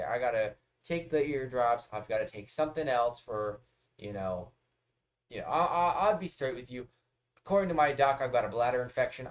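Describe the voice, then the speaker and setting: Male reaction host, chatty and rambling, casual swearing, medium pitch.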